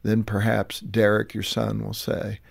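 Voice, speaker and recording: A man's voice: fairly low pitch, completely flat delivery, measured pace, vocal fry. A man hosting a faith interview, asking long, probing questions and thinking aloud. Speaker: radio show host.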